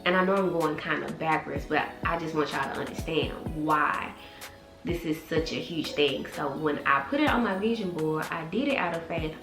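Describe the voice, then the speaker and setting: Young woman, twenties, low voice, casual storytelling vlog, echoey room, music behind. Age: 20s. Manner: animated, quotes others in voices, chatty. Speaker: vlogger and author.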